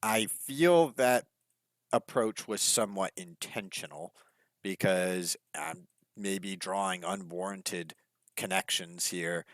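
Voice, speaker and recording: A man's voice: deep voice, slow, fairly bright tone, no room sound. A man co-hosting a podcast, talking through an album review in a rambling, hedging way with lots of fillers. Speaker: podcast co-host. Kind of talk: casual music review chat.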